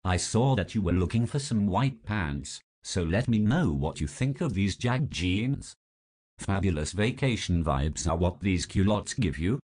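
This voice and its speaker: A computer voice takes on a computer-generated British man reading a note aloud. His voice sits very low and a little husky, and his intonation rises and falls widely. The delivery stays smooth and even, the way text-to-speech sounds. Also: exaggerated voice. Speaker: note reader. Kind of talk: synthetic read-aloud.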